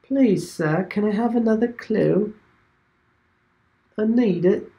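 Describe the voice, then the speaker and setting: A man's voice: sits high, slow, vocal fry, mellow, voice pushed up, full character voice. A man putting on a pleading English waif. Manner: mock English accent, pleading. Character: begging young English waif, high and pleading.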